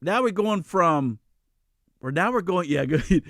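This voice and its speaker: A man's voice: high voice, expressive, a little slow, a bit bright, no room sound, clean studio sound. A man co-hosting a live talk stream, chatting casually, blunt and joking, swearing freely. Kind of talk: casual chat.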